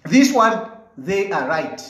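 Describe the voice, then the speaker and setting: A man with a Zambian English accent argues his case hard, hammering the same points again and again. His voice sits high for a man. The sound carries a roomy echo. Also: sing-song, slow, a bit bright. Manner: emphatic, combative, repeats his points. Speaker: commentator answering viewers' comments. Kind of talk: live commentary replying to viewer comments.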